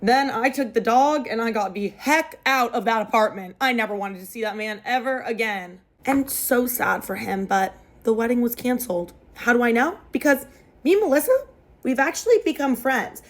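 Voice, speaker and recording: A young woman retelling a story aloud in a chatty, animated way. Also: fairly high pitch, normal speed.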